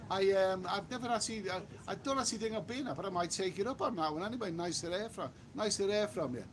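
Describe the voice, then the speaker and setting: A fairly high-voiced English man rambles through a casual live stream from the seaside, restarting sentences and tossing in mild swearing. Faint outdoor ambience sits behind his voice. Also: fast talker, background noise. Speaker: travel vlogger live-streaming. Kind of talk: casual live-stream chat reading viewer comments. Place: outdoors by a beach.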